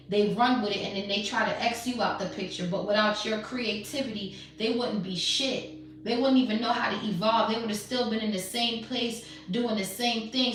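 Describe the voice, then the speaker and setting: A woman's voice: a little high, a bit bright, distant mic, slight background noise. Brash woman in an echoey room. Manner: blunt, profane, slangy and mocking. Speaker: tarot reader. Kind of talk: casual tarot reading monologue.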